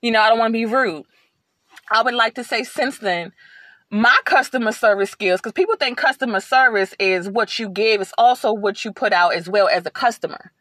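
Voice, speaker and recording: A woman hosting a podcast, telling a personal story in a casual, animated way and acting out the lines she quotes. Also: a little high, normal speed, no room sound. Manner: animated, repeats words, acts out quotes. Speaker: podcast host.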